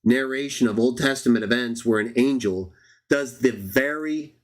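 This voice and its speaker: A man's voice: mid-range voice, moderate pace. Male Bible teacher on a live stream, mid-range voice, argues his case with pointed questions to the audience. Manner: argumentative, addresses viewers as everybody, rhetorical questions. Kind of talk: live Bible study lecture.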